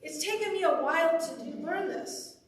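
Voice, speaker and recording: A woman's voice: extremely high pitch, expressive, moderate pace, slight background noise. A woman minister giving a conversational, upbeat sermon full of personal stories. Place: church sanctuary. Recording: echoey hall, voice from far off.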